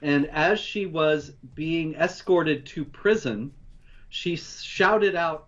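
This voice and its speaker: A man co-hosting, running through news stories in a measured, steady way. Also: a little high, highs cut off. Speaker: co-host. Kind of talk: news rundown commentary.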